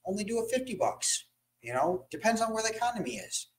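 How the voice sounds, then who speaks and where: Man, somewhat high voice, casual co-host, quick agreements, brief interruptions. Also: big pitch swings, low-quality recording. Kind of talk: casual podcast conversation.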